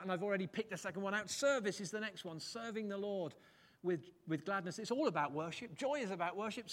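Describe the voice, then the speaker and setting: Animated preacher with a high voice. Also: male voice. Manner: animated, jokey, varies pitch and loudness widely for emphasis. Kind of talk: sermon. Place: church.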